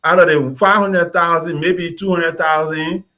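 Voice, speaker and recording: A man's voice: fairly high pitch, fairly even intonation, a little slow, sharp tone. Man hosting, arguing numbers. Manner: argumentative, works through figures aloud. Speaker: talk show host. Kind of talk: live online discussion.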